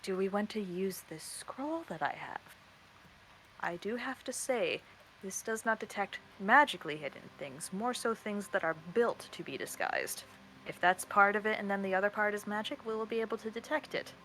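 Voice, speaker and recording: A woman playing a tabletop role-playing game explains the rules carefully and plainly. Her voice sits at an ordinary pitch, with a faint hiss behind it. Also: normal speed, a bit bright. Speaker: player. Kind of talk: casual tabletop play.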